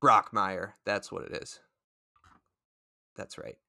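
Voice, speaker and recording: A man's voice: lowish voice, steady tone, takes it slowly, gravelly, bright, forceful tone. A man co-hosting a casual movie discussion, laid-back and searching for his words. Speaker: podcast co-host.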